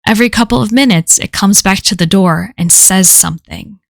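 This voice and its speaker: A woman's voice: mid-range voice, a little fast, gravelly, no room sound, studio quality. A woman reading a first-person horror story aloud in a casual, profane way. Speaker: story reader.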